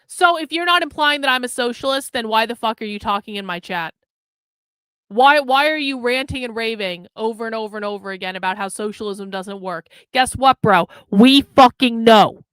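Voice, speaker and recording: A woman's voice: a little high, brisk, bright, forceful tone, smooth, no room sound. A woman hosting a livestream, bluntly scolding viewers in the chat with heavy profanity. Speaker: livestream host.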